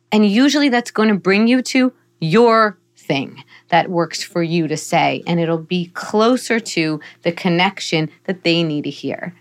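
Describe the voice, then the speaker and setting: A woman speaking as a podcast guest, calm and explanatory. She gives parenting advice at an ordinary pitch and now and then slips into soft lines spoken as if to a child. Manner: calm, explanatory, acts out gentle phrases to a child. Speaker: psychologist guest.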